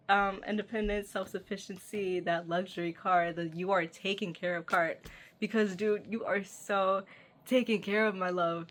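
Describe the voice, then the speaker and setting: A woman's voice: medium pitch, fairly even intonation, normal speed, a bit bright. A woman giving a channeled tarot reading, speaking straight to the listener in an earnest, affectionate way. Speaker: tarot reader.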